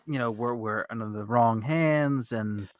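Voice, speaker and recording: A man hosting a podcast in a casual, easygoing way, enthusiastic and quick to agree. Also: mid-range voice, dry recording, studio quality. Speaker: podcast host. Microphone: podcast studio mic.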